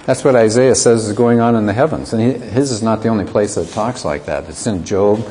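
A man's voice: lowish voice, fairly quick, dark tone, a little hiss or hum. A man teaching an apologetics class, lecturing conversationally and asking the students rhetorical questions.

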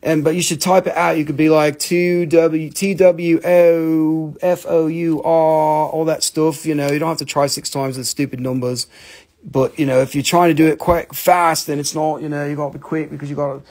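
Hosting a casual live stream selling minerals, a man with a slightly high voice talks fairly quickly in a flat delivery. He shows off stones while joking, mocking himself and swearing casually.

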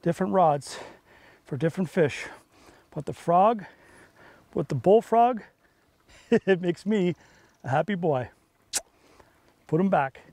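A man hosting a fishing show from a boat on a lake, talking in punchy, excitable, salesy bursts. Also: sits high, slow, long pauses, dry recording. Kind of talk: on-the-water fishing commentary.

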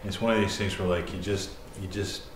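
A man playing a halting, hopeful father. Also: deep voice, fairly even intonation, natural voice. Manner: halting, restarts often, soft-spoken. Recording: echoey room with noise.

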